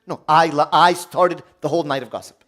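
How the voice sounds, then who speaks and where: A man preaching a sermon, swinging between loud, urgent high points and quiet, low asides. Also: a little fast.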